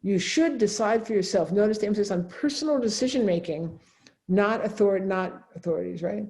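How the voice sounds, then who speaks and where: Woman professor, middle-aged, mellow tone, conversational seminar lecture, tags points with "right?". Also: mid-range voice, fairly quick. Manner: conversational, often adds a questioning "right?". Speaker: professor of religion and ethics.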